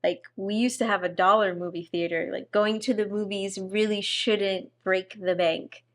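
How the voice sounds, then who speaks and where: A woman co-hosting a podcast in casual chat, wry and joking, filling her talk with "like" and quick agreement. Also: medium pitch, steady tone. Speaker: podcast co-host.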